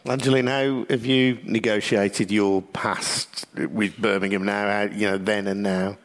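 A man interviewing musicians, asking measured, drawn-out questions. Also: fairly low pitch, flat delivery.

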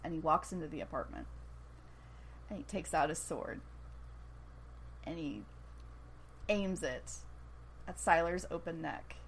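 A woman in casual podcast chat, retelling a TV episode with animated storytelling, acting out quotes and laughing often. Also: deep voice, a little slow, pauses often, slight background noise, low-quality recording. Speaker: podcast co-host recapping a TV episode.

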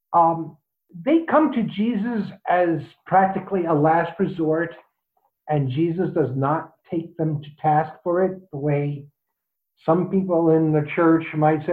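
A participant in a Bible study, giving a thoughtful summary with many hesitations. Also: medium pitch. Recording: tinny phone line with echo.

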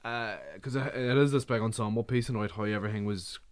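A man's voice: medium pitch, fairly even intonation, a little fast, clear, resonant tone. A man chatting casually about films, swearing often, rambling and laughing a lot. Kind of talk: casual film chat.

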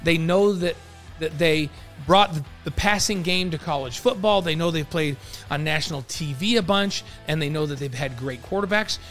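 Chatty man with a higher voice. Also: moderate pace, a bit bright, soft background music. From New York. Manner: repeats words, many restarts. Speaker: podcast co-host. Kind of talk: casual sports chat.

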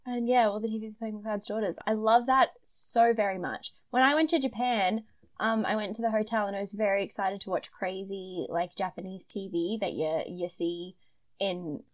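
A young woman with a Queensland Australian accent, co-hosting a podcast in casual, enthusiastic chat that sinks to a quieter murmur when she tells a story. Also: steady tone, normal speed. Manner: chatty, enthusiastic, drops to a low murmur when telling stories. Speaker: podcast co-host.

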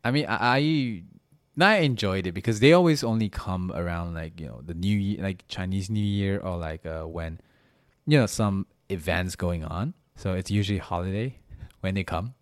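A man's voice: deep voice, moderate pace, dry recording, studio quality. A man chatting casually as a podcast co-host, rambling with lots of fillers and restarts. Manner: rambling with many fillers and restarts, laughs easily. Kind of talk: casual chat.

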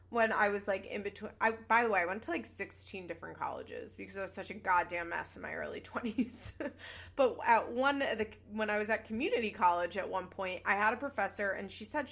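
A woman's voice: medium pitch, creaky, fairly bright tone. A young woman in her twenties hosting a casual podcast, recapping a reality show with chatty, sarcastic asides and casual swearing. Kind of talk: casual chat.

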